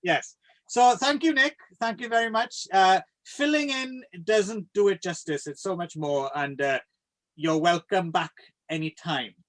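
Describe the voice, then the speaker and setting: A man's voice: sits high, a little slow, fairly bright tone. A man hosting a casual film podcast, joking and laughing often. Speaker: podcast host. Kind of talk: casual chat about films.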